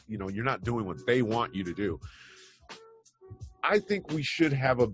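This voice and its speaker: A man's voice: medium pitch, slight background noise. A man hosting an online news show, talking casually and rambling through his opinions with wry asides. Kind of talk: casual commentary on news headlines.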